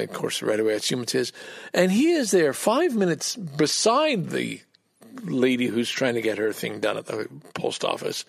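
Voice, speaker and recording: A man's voice: fairly high pitch, gravelly, no echo, clean studio sound. A man hosting a podcast, telling a rambling story in a casual monologue, with frequent restarts and blunt swearing. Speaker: podcast host.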